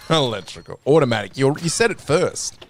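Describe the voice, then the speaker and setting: A man streaming a game, chatting casually with a teasing, sweary, deadpan manner. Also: mid-range voice, normal speed, a little hiss or hum. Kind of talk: casual gaming chat.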